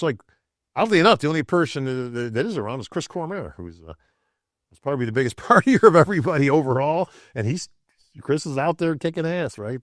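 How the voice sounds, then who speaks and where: A man's voice: medium pitch, no echo, studio quality. An older man from upstate New York telling casual stories as a podcast guest, acting out quotes and often asking "right?". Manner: animated, acts out quotes, says "bro" and "right?". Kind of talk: casual storytelling.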